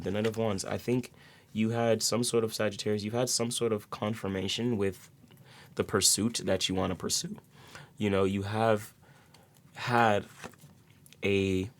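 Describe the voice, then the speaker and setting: A man giving a casual tarot reading to his viewers, rambling with repeated words and many fillers. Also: on the low side. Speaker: tarot reader.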